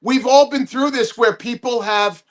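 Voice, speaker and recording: A male comedian guest on a podcast, telling a story with animated, halting restarts. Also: extremely high pitch.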